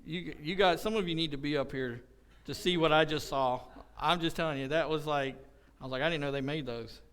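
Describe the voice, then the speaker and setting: A man's voice: fairly high pitch, fairly quick, a bit bright, clean tone. A man preaching a casual, conversational sermon at a church service, joking and telling folksy stories with acted-out quotes. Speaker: pastor.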